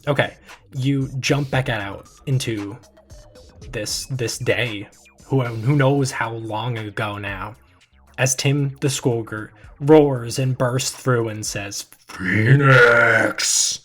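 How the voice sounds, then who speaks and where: A man narrating as game master of a tabletop game in a slow, measured storytelling manner. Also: mid-range voice, breathy edge, faint music behind.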